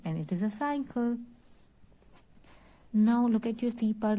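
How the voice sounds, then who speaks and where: A woman's voice: medium pitch, mellow. A woman teacher with a Pakistani English accent, reading a story aloud to a class and asking questions. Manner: reads aloud slowly, explaining and asking questions.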